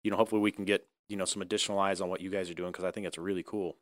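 Low-voiced, fast male host, dry close sound, upbeat interviewer. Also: little pitch movement, dry recording. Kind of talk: casual interview.

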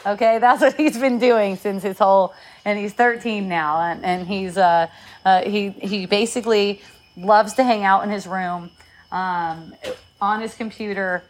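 A woman's voice: mid-range voice, fairly even intonation, a little slow. A middle-aged woman telling a story about her sons in a casual chat, laughing often and rambling with many restarts.

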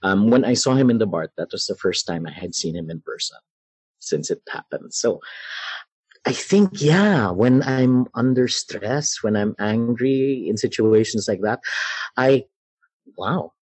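A man recounting a personal episode in an unhurried, deliberate way, leaning into the drama of the moment. His voice is low and a bit husky, each phrase given room. The sound is close and dry, with no room around it. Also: expressive, no echo. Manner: measured, dramatic retelling with pauses and soft laughs. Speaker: guest storyteller. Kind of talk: personal storytelling in conversation.

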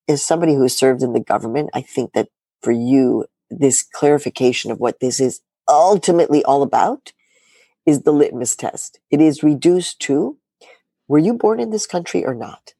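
A woman's voice: very deep voice, mellow, dry recording, clean studio sound. A middle-aged woman journalist in an interview, talking emphatically and firing rhetorical questions with sarcastic asides. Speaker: journalist guest. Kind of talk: animated political interview talk.

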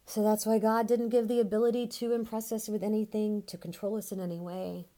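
A woman telling a story in a theatrical monologue. She is animated and conversational, and swears casually, with a middle-range voice. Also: medium pitch, fairly quick.

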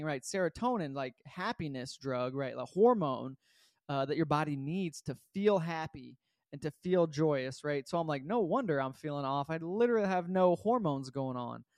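A young man telling a personal story in a casual, animated way, acting out his own reactions and often asking "right?". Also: on the high side, moderate pace, no room sound, clean studio sound. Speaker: vlogger.

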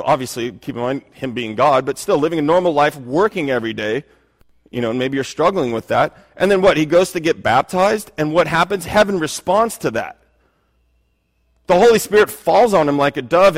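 A man delivering a sermon with earnest, conversational warmth, often circling back and restarting his phrases. His voice sits a little high and carries a long reverb of a church hall around it. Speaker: pastor.

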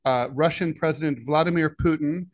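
A man co-hosting a political podcast, his voice sitting a little higher than most men's. He talks in a halting way and fills his pauses with "uh". The sound is close and dry, with no room around it. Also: steady tone, no room sound. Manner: halting delivery with many "uh" fillers. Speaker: podcast co-host, editorial cartoonist.

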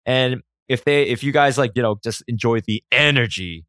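Male podcast host, solo monologue, rambling and profane, mid pitch, dry close sound. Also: normal speed, sharp tone, no room sound. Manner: rambling, profane, self-reflective.

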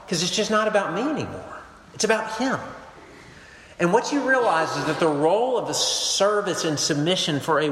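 A man's voice: fairly high pitch, a little hiss or hum. Man preaching in an echoey hall. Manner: animated storytelling, swings between emphatic and hushed. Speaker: pastor. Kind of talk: sermon. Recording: echoey hall with long reverb.

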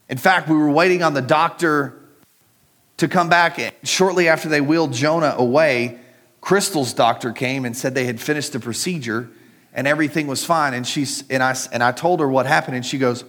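A man's voice: on the high side, normal speed, a bit bright. A middle-aged man preaching a sermon in a conversational way, telling a personal story and speaking straight to the congregation. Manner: conversational, personal storytelling, addresses listeners directly. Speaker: pastor.

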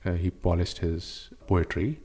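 Male podcast guest, low warm voice, rambling anecdotal delivery. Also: unhurried, husky. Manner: storytelling, with "uh" fillers and restarts. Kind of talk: casual discussion.

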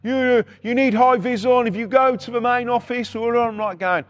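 Middle-aged bloke, high-pitched, profane, animated storyteller who does the voices himself. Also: male voice, moderate pace. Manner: animated, swears constantly, acts out voices. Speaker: podcast storyteller. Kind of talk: casual anecdotal storytelling.

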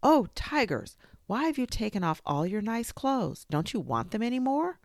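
A woman voicing a frightened little boy in a storybook tale, pleading in a raised, high voice. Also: big pitch swings, measured pace, gravelly, darkish tone, dry recording, clean studio sound. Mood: calling.

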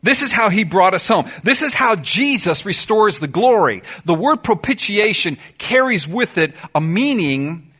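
A middle-aged man preaching a sermon in a church, emphatic, swinging between loud declarations and soft, confiding asides. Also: sits high, lively intonation, unhurried, breathy edge. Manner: sings song lyrics in snatches. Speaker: pastor.

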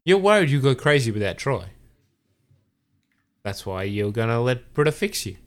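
A man's voice: medium pitch, very animated, normal speed, close to an everyday voice. Sneering evil alter ego of a young man, quoted by a male podcaster, needling and sly.

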